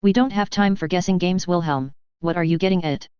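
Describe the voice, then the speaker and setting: A reader doing a cold young woman officer in a storybook reading, clipped and controlled. The voice is very smooth, and the sound is dry and a little dull. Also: medium pitch, a little fast, a little mellow, dry recording, lightly acted.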